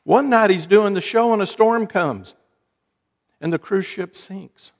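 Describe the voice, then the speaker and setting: A man's voice: high-pitched, unhurried, vocal fry. A man preaching a sermon, telling folksy jokes and stories with wry asides to his congregation. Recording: long hall reverb.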